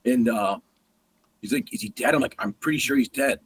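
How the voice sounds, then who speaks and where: A man's voice: medium pitch, fairly quick, breathy edge. A man, a guest hunter, telling a story in a casual way and acting out the sounds and the dialogue. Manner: animated, acts out sounds and quoted dialogue.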